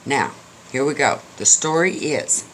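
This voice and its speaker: An older man spins a folksy story in a chatty, joking way. His voice sits at a middle pitch, with a faint hiss of noise under the recording. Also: expressive, measured pace, fairly bright tone. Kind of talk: casual storytelling.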